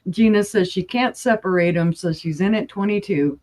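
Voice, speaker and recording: A woman's voice: medium pitch, moderate pace, a little mellow, rough recording. A woman co-hosting a live sale, reading out viewer bids and counting down sales. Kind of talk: live-stream sale chat.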